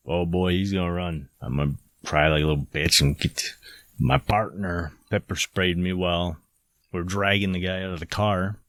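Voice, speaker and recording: Man, very low voice, angry rant, profane, sarcastic, podcast host, dry close sound. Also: no echo. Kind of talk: angry monologue.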